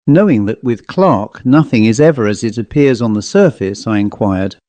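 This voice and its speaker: An older man narrating a ghost story in a measured, formal manner. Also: lowish voice, expressive, warm tone, no echo.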